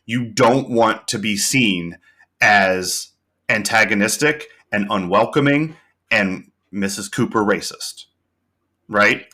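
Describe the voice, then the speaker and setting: Bright-toned low-voiced man podcasting. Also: slow pace. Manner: thoughtful, rambling with many fillers. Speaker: podcast co-host. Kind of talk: casual recap chat.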